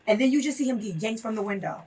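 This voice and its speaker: A woman's voice: on the high side, fast talker, a little mellow, recorded from a distance, a little hiss or hum. A woman guest in a casual interview, talking emphatically and telling stories with acted-out quotes.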